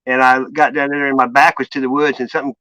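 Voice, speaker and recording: Stream host, male, bright slightly high voice, loose profane storyteller, dry sound. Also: flat delivery, rapid-fire, no echo, rough recording. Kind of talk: casual chat.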